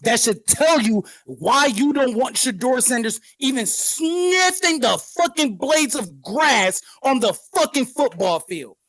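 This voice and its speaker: A man in a heated sports-talk rant, swearing constantly, circling back to the same phrases and raising his voice to a shout. The sound is dry and close, with no room around it. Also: extremely high pitch, sing-song, unhurried, few pauses, dry recording. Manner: profane, ranting, repeats himself, shouts. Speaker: podcast co-host.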